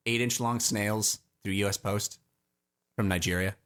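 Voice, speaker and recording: A man's voice: lowish voice, fairly even intonation, a little slow, a bit bright, clear, resonant tone, voice pushed down. A man doing an indignant grumpy shipper. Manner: indignant, haggling. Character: grumpy male snail shipper, touchy and indignant.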